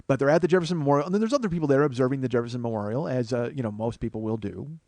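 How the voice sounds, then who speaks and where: A man hosting a podcast, telling a comic story as a profane rant that swings between mumbled asides and loud outbursts. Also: medium pitch, rapid-fire, dry recording. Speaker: podcast host. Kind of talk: comedic storytelling monologue.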